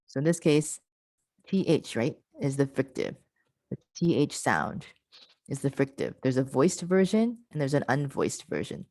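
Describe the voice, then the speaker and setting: A woman's voice: low-pitched, a little mellow, no room sound, low-quality recording. A woman presenting an online pronunciation workshop over a video call, patiently modelling and repeating example words and encouraging participants.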